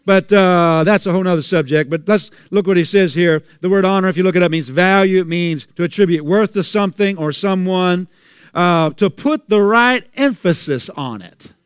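A man's voice: high voice, moderate pace, clean tone, no echo, clean studio sound. A male pastor preaching a sermon, asking the congregation questions and repeating phrases for emphasis.

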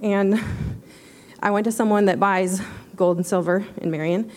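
A woman tells her testimony to a church, still out of breath. She sounds nervous and keeps apologizing as she speaks. Her telling is halting, broken up by many fillers. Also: mid-range voice, steady tone, darkish tone. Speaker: church member giving testimony. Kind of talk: spontaneous testimony.

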